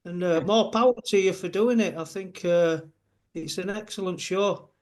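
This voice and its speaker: A man's voice: high voice, moderate pace, darkish tone. A man in his fifties with a West Yorkshire accent, a guest chatting earnestly on a video call, rambling with many restarts. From Bradford, West Yorkshire. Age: 50s. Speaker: guest fan. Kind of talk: casual chat.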